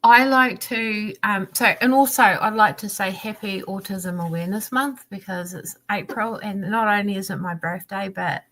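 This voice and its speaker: A woman's voice: medium pitch, moderate pace, hardly any pauses, fairly bright tone. Woman, candid rambling chat, restarts and laughs, video call. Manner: rambling, restarts often, laughs, acts out her son's pleading. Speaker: livestream guest.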